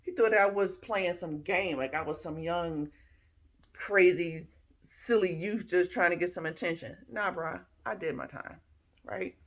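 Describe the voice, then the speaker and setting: A woman's voice: on the low side, unhurried. A woman in her fifties, a military retiree, telling personal stories in a casual vlog, with slang and acted-out bits of dialogue. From Philadelphia, US. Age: 50s.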